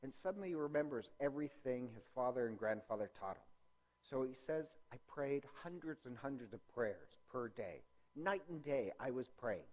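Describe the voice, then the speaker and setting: A man's voice: medium pitch, expressive, normal speed, lo-fi sound. A man teaching a parish faith class, talking off slides in a loose, joking way with many fillers and corrections. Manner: rambling, many ums and self-corrections; conversational with jokes. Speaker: parish religious-education teacher. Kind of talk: informal lecture with slides.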